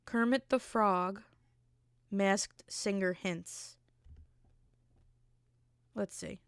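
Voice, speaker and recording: Woman podcast host, mid-pitched, casual comic ranting, exasperated and rambling, dry sound. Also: steady tone, drawn-out words, vocal fry, smooth, dry recording. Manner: rambling, exasperated comic rant with many fillers. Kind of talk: casual comedic chat.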